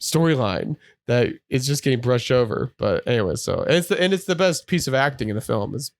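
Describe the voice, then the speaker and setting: A male podcast host talking in a loose, rambling way, leaning on "like" as he goes. He slips into quoted voices as he retells things. His mid-pitched voice sits in a dry, close-miked sound with no room echo. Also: sing-song, fairly quick, creaky. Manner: rambling, heavy use of "like". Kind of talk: casual podcast chat.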